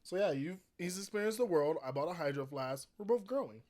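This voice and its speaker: A young man co-hosting a podcast in casual chat, playful and quick to laugh, talking straight to his viewers. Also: high-pitched, animated, darkish tone. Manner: playful, laughs often, addresses viewers directly. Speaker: podcast co-host.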